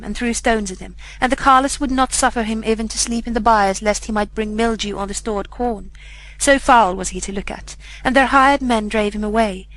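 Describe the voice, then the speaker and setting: A woman narrating a fairy tale audiobook in a measured, solemn storytelling manner. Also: fairly high pitch, slight background noise, rough recording.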